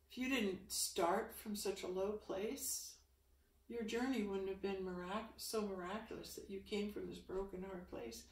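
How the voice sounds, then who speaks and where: A woman leading a spiritual yoga session, speaking slowly and soothingly with sighs between phrases. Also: mid-range voice, roomy sound. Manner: slow, soothing, with sighs and breaths.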